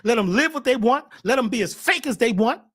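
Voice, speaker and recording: Fiery preaching man, wildly swinging pitch. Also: expressive, fairly quick. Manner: preachy, swings from shouting to hushed. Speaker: host. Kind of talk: impassioned spiritual talk.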